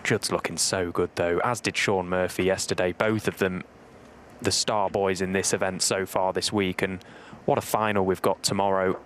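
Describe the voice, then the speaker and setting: A man who once played the sport, giving measured, analytical commentary. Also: low voice, flat delivery, slight background noise.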